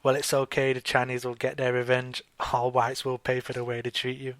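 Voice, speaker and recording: A man's voice: medium pitch, monotone, brisk, fairly bright tone, no echo. Teasing man asking provocative questions. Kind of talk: casual chat.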